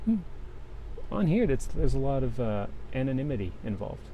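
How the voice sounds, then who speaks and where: A man's voice: medium pitch, big pitch swings, moderate pace, warm tone, slight background noise. A man hosting a casual livestream, chatting in a rambling way with many restarts while he cross-stitches. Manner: rambling, restarts, talks while working thread. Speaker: livestream host. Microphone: desk microphone.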